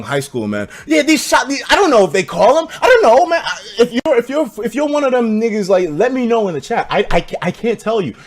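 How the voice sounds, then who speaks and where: A young man with a high voice tells a story on his live stream. His pitch swings all over the place, and he mixes loud high shouts with laughter and a lot of swearing. He comes across as a very animated storyteller. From United States.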